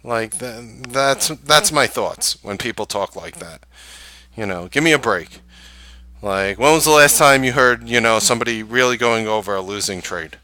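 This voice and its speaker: A man hosting a live trading stream, ranting casually to viewers in an animated, exasperated way and scoffing with short laughs. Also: mid-range voice, moderate pace.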